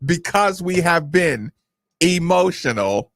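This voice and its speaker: Sports radio host, man, slightly high voice, dry booth sound. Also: expressive, slow, a bit bright, no echo. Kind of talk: casual sports radio chat.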